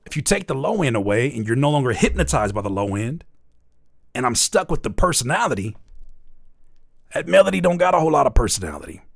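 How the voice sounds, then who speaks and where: A man hosts a live music-review stream, and his pitch jumps all over the place as he jokes and roasts. His talk is profane and playful, full of wordplay. The recording is dry and close, with almost no room sound. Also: gravelly, breathy edge, no room sound. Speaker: music reviewer and livestream host. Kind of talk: live music feedback stream, joking and critiquing.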